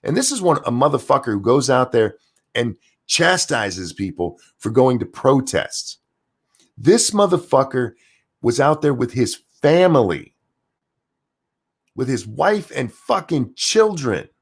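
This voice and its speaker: A man hosting his own channel, giving a heated, profane and sarcastic political rant, jumping between loud outbursts and low muttered asides. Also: very animated, unhurried, husky. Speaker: streamer and channel host. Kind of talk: angry political commentary rant.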